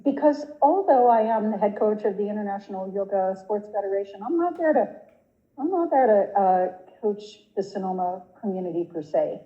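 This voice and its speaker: A woman's voice: mid-range voice, expressive, moderate pace. A woman yoga teacher talking emphatically in a conversation and often breaking into laughter. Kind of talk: conversational interview talk. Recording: muffled lo-fi sound.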